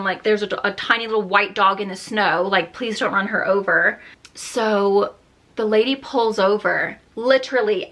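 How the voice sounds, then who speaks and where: A woman's voice: medium pitch, sharp tone. A young woman beauty vlogger chatting casually while doing her makeup, telling a story in a chatty, exasperated way.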